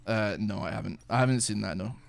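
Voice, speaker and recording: A man streaming a video game in casual chat, excitable and sweary, breaking into shouts and laughter. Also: on the low side, fast, vocal fry. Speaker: gaming streamer. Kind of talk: casual live-stream chat over gameplay. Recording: faint music behind.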